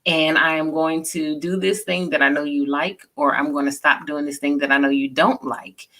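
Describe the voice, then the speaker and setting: A woman in her forties tells personal stories in a relaxed conversation. Her voice sits low but has a bright, forward edge. She talks earnestly and keeps checking in with "you know.". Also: normal speed. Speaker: guest. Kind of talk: casual chat.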